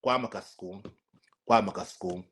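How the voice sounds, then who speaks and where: A man's voice: low-pitched, a little fast, fairly bright tone, breathy edge. A man with a Jamaican accent chatting on a live stream. He answers viewer comments with sass and repeats his points several times. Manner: sassy and repetitive, talking straight back to commenters.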